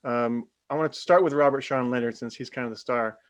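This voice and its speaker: A man's voice: medium pitch, brisk, no echo. A man co-hosting a laid-back movie podcast. He speaks casually and hesitantly, with plenty of fillers. His voice is recorded dry and close, with no room sound at all. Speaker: podcast co-host. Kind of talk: casual film discussion.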